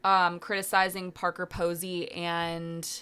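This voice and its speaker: A young woman co-hosting a podcast, chatting casually about TV shows, full of fillers and quick asides. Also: lowish voice, flat delivery, sharp tone, clear, resonant tone. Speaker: podcast co-host. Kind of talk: casual pop culture chat.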